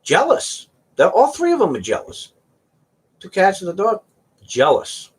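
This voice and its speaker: Man, husky voice, lively up-and-down pitch, casual rambling host, cat stories with meow imitations. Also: a little slow. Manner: rambling storyteller, imitates cats meowing. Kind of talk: casual chat.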